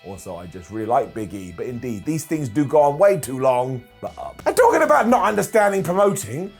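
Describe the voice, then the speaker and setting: This wrestling recap comes from a man with a mid-range, creaky, husky voice who is very animated, fairly quick and barely pauses. He jokes sarcastically and slips into funny impressions of people, with light music playing behind him.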